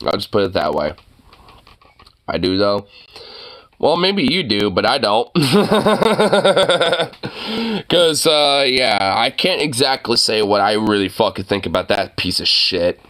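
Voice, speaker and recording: A man ranting loudly in casual chat, his pitch leaping all over the place. His tone is bright and edgy. He talks in a profane, excitable way. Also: takes it slowly, long pauses.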